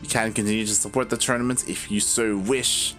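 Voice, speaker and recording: A man's voice: fairly low pitch, steady tone, a little fast, a bit bright, faint music behind. A man co-casting a live strategy game match, giving laid-back analysis with frequent laughing asides. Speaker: esports co-caster.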